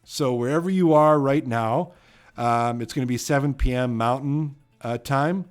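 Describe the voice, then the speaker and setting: A man with a Canadian accent, hosting a trivia live stream in a casual, rambling way that often trails off quietly. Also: mid-range voice, moderate pace, smooth, faint music behind.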